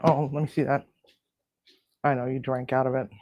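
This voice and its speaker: A woman's voice: extremely low pitch, flat delivery, moderate pace, dull audio, noisy background. Chatty woman cooing at her pets. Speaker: home cooking show host. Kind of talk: casual cooking and pet chat.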